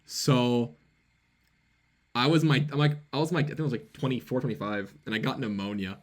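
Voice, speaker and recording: A man's voice: mid-range voice, brisk. A young man telling a casual story with an avatar, rambling and full of fillers, poking fun at himself. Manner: rambling, filler-heavy, self-mocking. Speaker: avatar vlogger.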